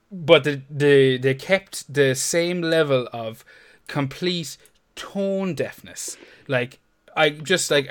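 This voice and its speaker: Bright-voiced man ranting, profane. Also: fairly high pitch. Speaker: podcast co-host. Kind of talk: casual podcast chat.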